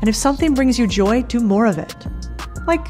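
A woman's voice: fairly high pitch, animated, a little fast, a little mellow, soft background music. A woman hosting her own channel, giving blunt, casual money and life advice straight to camera and swearing freely. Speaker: business creator and host. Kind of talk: direct-to-camera advice talk.

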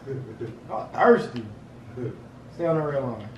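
A man's voice: mid-range voice, moderate pace, a little mellow, dull audio. A young man playing a video game, coaching a teammate with repeated calls and banter. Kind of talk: excited gaming banter. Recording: roomy, distant, faint noise.

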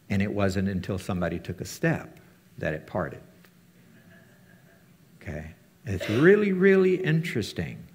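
A man's voice: big pitch swings, a little slow, vocal fry, long pauses, a little hiss or hum. A man teaching a casual sermon to his fellowship, talking conversationally and acting out the quotes he tells. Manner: conversational, acts out quotes with big pitch jumps.

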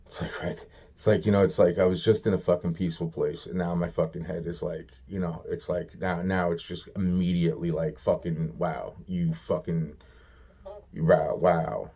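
A man's voice: low-pitched, steady tone, moderate pace, warm tone, slightly rough. A man giving a rambling, profane solo rant, exasperated and repeating himself often. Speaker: vlogger.

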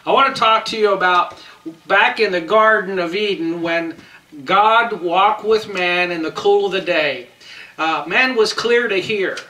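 A high, bright male voice delivers a sermon at an unhurried, deliberate pace, leaning hard on his key phrases. He sounds a little away from the microphone in a reverberant room. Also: far from the mic. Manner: slow, emphatic preaching with drawn-out phrases. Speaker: preacher.

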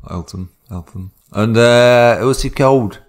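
A man co-hosting a comedy podcast, trading dry, deadpan quips while improvising a movie plot. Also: mid-range voice, unhurried. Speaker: podcast co-host.

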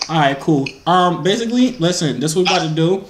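A young man chatting with strangers on camera, playful and teasing, his pitch leaping up and down. His voice sounds echoey, as if in a bare room, over a faint hiss. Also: animated, quick pace. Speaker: video host. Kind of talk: prank video chat.

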